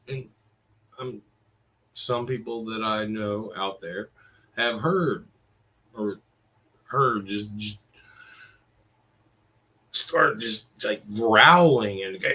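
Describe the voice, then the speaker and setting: A man's voice: on the high side, lively intonation, slow, pauses often, a bit bright, poor audio. A man in his forties ranting in a rambling, exasperated way, full of curses. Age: 40s. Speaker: vlogger. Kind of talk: casual ranting monologue.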